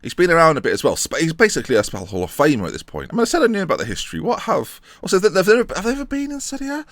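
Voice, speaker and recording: A man's voice: on the high side, wildly swooping pitch, racing, a bit bright, no room sound. A man giving casual, jokey commentary on a video game, reading the game's text aloud and muttering asides. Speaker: gaming YouTuber. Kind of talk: casual let's-play commentary.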